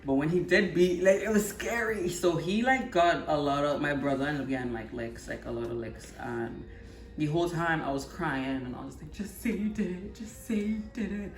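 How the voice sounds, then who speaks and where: A Trinidadian woman in her twenties telling stories and chatting casually while she cooks, going quiet for cooking asides. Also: sits low, moderate pace, echoey room. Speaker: channel host cooking. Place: home kitchen.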